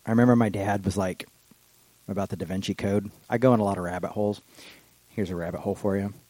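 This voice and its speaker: A man preaching a casual, rambling sermon that slows for solemn readings. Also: fairly low pitch, steady tone, mellow, no echo, rough recording. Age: adult with children. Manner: casual and digressive, slows down for quotations. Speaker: pastor. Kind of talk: informal sermon.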